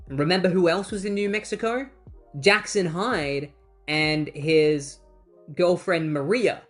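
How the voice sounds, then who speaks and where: Chatty comic book reviewer. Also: medium pitch. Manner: chatty, summarizes plot with asides. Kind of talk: casual retrospective narration.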